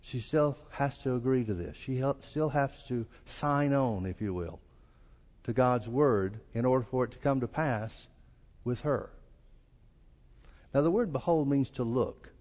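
A pastor from the American South preaches a sermon in a measured, slightly mellow voice with a Southern US accent. His style is folksy, and he acts out quoted lines with rising pitch while a church hall's long reverb trails behind.

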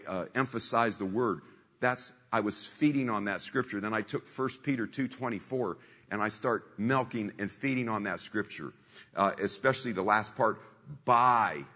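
A man's voice: lowish voice, sharp tone, husky, long reverb tail. A man preaching a sermon in a conversational storytelling way, repeating scripture lines for emphasis.

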